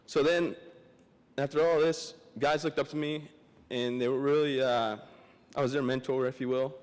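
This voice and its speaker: A young man giving a memorial speech as a guest speaker, joking and self-deprecating, halting and emotional, close to tears. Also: medium pitch, fairly even intonation, clear, resonant tone. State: emotional, teary. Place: large memorial hall. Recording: long hall reverb.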